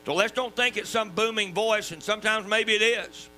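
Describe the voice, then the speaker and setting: Southern male preacher, high piercing voice, folksy emphatic sermon, hum under it. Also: moderate pace, faint music behind, low-quality recording. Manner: folksy, emphatic preaching with sudden drops to quiet. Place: church.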